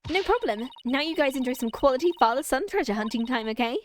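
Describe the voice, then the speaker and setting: A woman's voice: sits high, expressive, fast talker, a little hiss or hum. A woman voicing a cheerful young girl magician's assistant, reading game dialogue aloud in a bubbly, playful way. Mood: upbeat.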